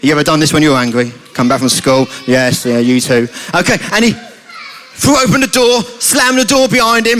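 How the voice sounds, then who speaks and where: A man's voice: on the high side, fairly quick, a bit bright, a little hiss or hum. A man with a British accent telling a playful story at a family church service, often asking the children questions. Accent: British English.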